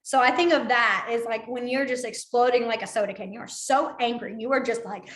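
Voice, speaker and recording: A woman's voice: fairly high pitch, a little fast, fairly bright tone. A woman teaching a beginner sign language class, playful and acting out each emotion with her voice as she explains. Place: library meeting room. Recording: echoey room.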